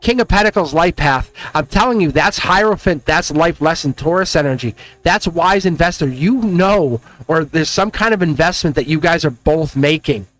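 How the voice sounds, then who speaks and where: A man giving a casual, rambling tarot reading, talking excitedly and directly to the viewer. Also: fairly high pitch, moderate pace, few pauses, no echo. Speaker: tarot card reader.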